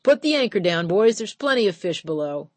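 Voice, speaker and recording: A woman's voice: mid-range voice, big pitch swings, brisk, dry recording. A woman voicing a stubborn older male sea captain who hollers his commands. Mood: hollering.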